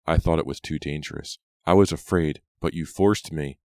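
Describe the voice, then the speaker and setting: Taunting vengeful teen girl, read by a man, very deep voice, dry close sound, audiobook. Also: normal speed, darkish tone, dry recording. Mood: cold, taunting. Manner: taunting, cold.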